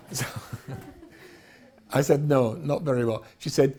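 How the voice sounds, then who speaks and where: A man's voice: medium pitch, measured pace, pauses often, dark tone, husky. A middle-aged man, a rabbi, giving a humorous storytelling talk in a wry, self-mocking way, often laughing at his own jokes.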